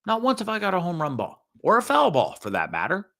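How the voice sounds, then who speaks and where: A man hosting a show, giving ranting commentary on a video in a profane, sarcastic, animated way. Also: high-pitched, fairly quick, vocal fry. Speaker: show host.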